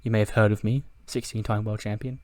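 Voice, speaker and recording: A man's voice: on the low side, level tone, fast talker, darkish tone, no room sound, close to an everyday voice. A man putting on a cocky, overly friendly male wrestling star in his own plain voice, recorded dry. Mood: chummy.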